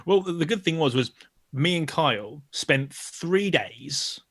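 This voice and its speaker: A man's voice: on the high side, expressive, unhurried, a bit bright, dry recording. Rambling man, dry sound. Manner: rambling, self-mocking. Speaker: co-host. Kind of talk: casual podcast chat.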